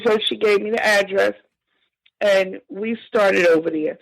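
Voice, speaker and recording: A woman telling a painful family story as a podcast guest, halting and emotional with frequent restarts. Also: medium pitch, gravelly, no echo, poor audio. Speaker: victim's sister, interview guest. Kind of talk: personal account in a podcast interview.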